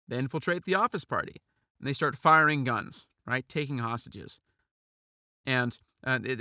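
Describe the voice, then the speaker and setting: A man's voice: mid-range voice, dry recording, studio quality. A man co-hosting a movie review podcast, casually retelling the plot with lots of fillers. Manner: relaxed retelling with many fillers. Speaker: podcast co-host.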